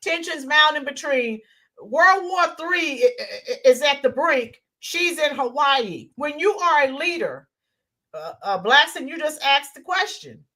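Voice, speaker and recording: A woman co-hosting a political livestream, talking in a high, bright voice that swings widely up and down. She is animated and chatty, breaking off to greet viewers and read out their comments. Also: unhurried.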